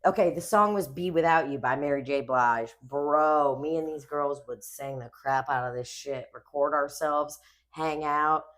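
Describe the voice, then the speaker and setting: A woman's voice: deep voice, unhurried. A young woman co-hosting a podcast, rambling and swearing as she tells stories in casual chat. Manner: rambling, swears a lot, animated storytelling. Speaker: podcast co-host.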